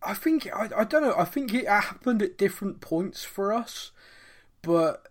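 A man's voice: high-pitched, lively intonation, moderate pace. A man hosting a football podcast in casual chat, talkative and laughing often. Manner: chatty, laughs often, mimics voices. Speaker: podcast host.

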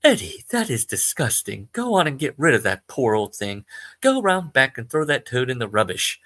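Stern British mother, scolding, man puts her on; bright, forceful edge. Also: mid-range voice, very animated, moderate pace, no room sound, clean studio sound. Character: stern disapproving mother, woman.

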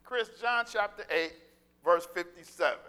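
A man preaching a sermon in a large church hall, excitable and animated, tripping over his words as he builds up. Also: sits high, clear, resonant tone. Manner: excitable, animated, with quick restarts and laughter. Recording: echoey hall with long reverb.

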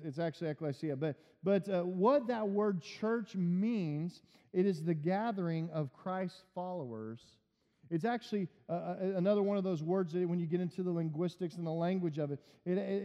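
A man preaching a sermon in a high, warm voice. He explains the text patiently and then rises to emphatic peaks. The sound is dull and lo-fi, with a long, lingering reverb. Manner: explanatory, builds to emphatic climaxes. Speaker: pastor.

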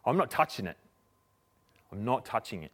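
A man's voice: mid-range voice, big pitch swings, normal speed, fairly bright tone, slightly rough. A man voicing a bewildered man who refuses strange food, in an incredulous, protesting manner, within a sermon.

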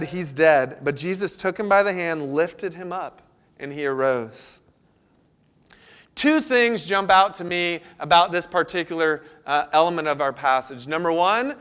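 A male pastor delivering a sermon in an earnest, steady way. His voice sits a little high for a man, and he moves between reading scripture aloud and voicing heartfelt pleas. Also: clear, resonant tone. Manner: earnest, pleading when voicing prayers.

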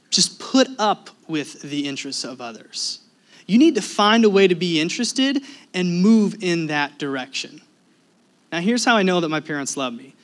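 A high-pitched man delivering a sermon from the pulpit, his stories animated and lively. He swings between punchy emphasis and soft, hushed asides. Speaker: pastor.

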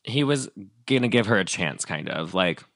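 Gravelly, low-voiced male podcast host. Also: lively intonation, normal speed, a bit bright, dry recording. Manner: rambling storytelling with many fillers. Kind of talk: casual podcast chat.

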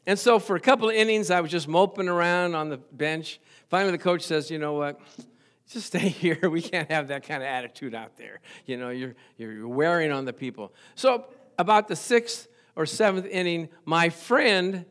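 Older male pastor, animated sermon storyteller, slightly high voice. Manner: animated storyteller, rising to exclamations.

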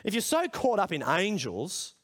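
A middle-aged man gives a sermon at a school chapel service, his voice pitched high. He talks in a conversational way and grows emphatic as he puts questions to the room. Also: huge pitch swings, moderate pace, a bit bright, husky. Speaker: preacher.

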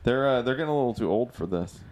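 A man co-hosting a podcast in casual chat, laughing easily and reading news items aloud with halting restarts. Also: medium pitch, expressive, darkish tone. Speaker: podcast co-host.

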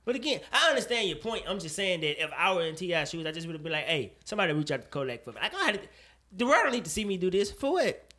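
A man co-hosting a casual chat show, talking in an animated, profane way and pressing his point with rising emphasis. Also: high voice, quick pace. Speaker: podcast co-host.

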